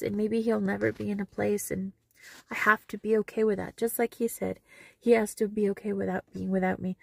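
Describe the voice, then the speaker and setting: Earnest woman with a gravelly edge. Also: medium pitch, no echo. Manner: emotional, earnest, retelling conversations. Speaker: vlogger. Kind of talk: personal storytelling vlog.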